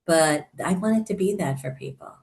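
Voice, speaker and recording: Older lady, low voice, chatty therapist telling her story, laughs a lot. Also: moderate pace, vocal fry, slight background noise. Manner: animated storytelling, laughs often. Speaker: therapist and coach, guest. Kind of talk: casual conversational interview.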